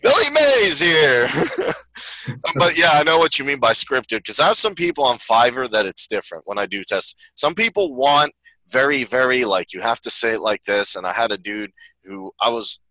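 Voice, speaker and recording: A man chatting loosely on a podcast, laughing at his own jokes. His voice is bright and forward, recorded dry and close. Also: mid-range voice, fairly quick, no echo, low-quality recording. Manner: laughs often, slips into comic voices. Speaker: podcast co-host. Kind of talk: joking casual chat.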